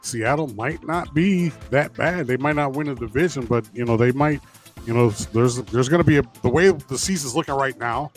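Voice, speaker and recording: A man co-hosting a sports podcast gives his picks in casual, easygoing talk, rambling with lots of fillers and restarts. His voice is medium-pitched at a moderate pace, with soft background music.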